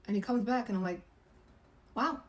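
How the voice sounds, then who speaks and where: A woman's voice: fairly low pitch, a little fast, a little mellow, rough recording. A middle-aged woman, a massage therapist, chattily telling a personal story and acting out the voices she quotes. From United States.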